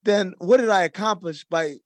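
A man's voice: sits high, moderate pace, no echo, clean studio sound. A man in casual conversation, explaining his views earnestly and making his point through comparisons. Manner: earnest, explanatory, uses analogies.

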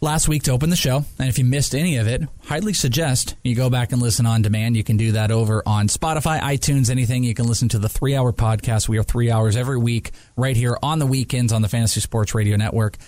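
A man hosts a sports talk podcast, talking fast with almost no pauses and no room sound. He's an animated storyteller trading casual banter, acting out quotes in a raised, high voice and laughing often.

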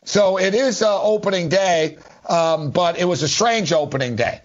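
A man's voice: high-pitched, moderate pace, highs cut off. A man hosting a late-night sports talk radio show, ranting angrily and sarcastically.

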